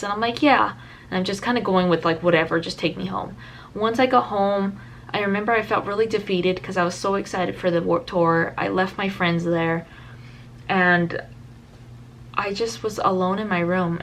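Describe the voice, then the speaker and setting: Young woman vlogging, rambly and candid, lots of "like", medium pitch, bit of faint background hiss. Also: vocal fry, a bit bright. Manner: candid, rambling, many "like" fillers and restarts. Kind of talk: personal storytelling to camera.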